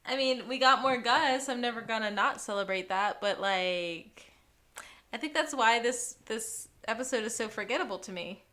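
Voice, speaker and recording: A woman co-hosting a podcast, chatting casually and giggling as she recaps a TV episode. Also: on the high side. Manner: giggly, animated, quick reactions. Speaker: podcast co-host.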